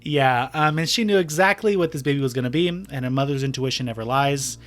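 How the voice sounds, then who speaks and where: A man's voice: medium pitch, brisk, a bit bright, faint music behind. A man co-hosting a podcast, casually retelling a true-crime case with fillers and restarts. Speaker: podcast co-host.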